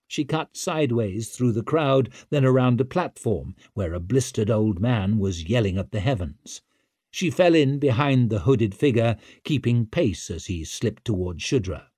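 A man narrating an audiobook in a measured, tense way. His voice is husky and mid-pitched, with a dry, close sound and no room around it. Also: lively intonation, darkish tone, dry recording.

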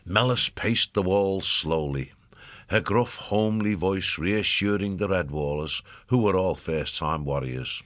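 A man narrating an audiobook in a steady, measured storytelling manner, recorded on a close studio mic. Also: sits low, no echo.

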